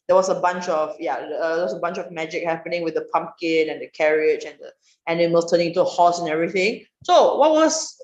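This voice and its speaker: A woman teaching an online writing class, questioning students and praising their answers in a lively way. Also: on the low side. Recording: roomy, dull online class audio.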